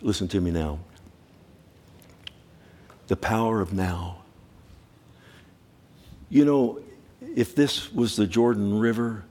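A man's voice: lowish voice, slow, long pauses, dark tone. A middle-aged male pastor preaching a sermon, telling stories with rising urgency and asking the congregation direct questions.

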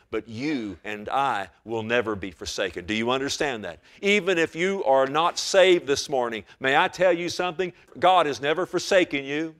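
An older preacher with a mid-range voice delivers a sermon in folksy, repetitive phrasing. He drops to hushed, heavy tones and then climbs into loud, pleading emphasis. His delivery swings widely in pitch and force. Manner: folksy storytelling with repeated words and restarts. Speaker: pastor.

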